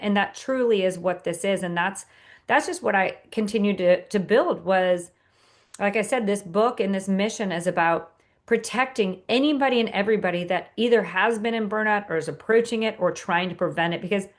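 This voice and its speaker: A woman guest on a podcast, speaking about her own ideas in an earnest, motivational way. She talks at a middle pitch and often restarts her sentences with small fillers. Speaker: author and guest. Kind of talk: podcast interview.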